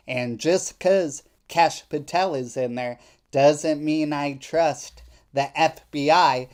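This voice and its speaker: Slow, skeptical live-stream commentator. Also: mid-range voice. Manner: skeptical, indignant.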